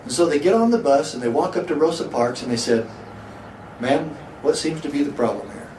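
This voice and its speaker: Heard from a distance in an echoey hall with a faint hiss, a middle-aged sheriff tells a story during a public speech and throws rhetorical questions at the crowd. He sounds a little high and a little mellow, expressive, and slightly fast.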